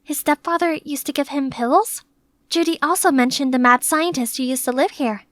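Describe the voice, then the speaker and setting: A young woman tells her story in first person with a chatty, lively and playfully dramatic delivery. Her voice is high and bright with an edge, recorded close in a dry, dead space. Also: moderate pace, no echo. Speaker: narrator and maid character.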